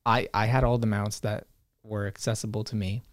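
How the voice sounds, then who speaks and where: Young male co-host, animated, swears a lot, dry close-miked sound; casual chat. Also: on the low side, brisk, no room sound. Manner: animated, swearing, rambling with many fillers. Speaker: podcast co-host.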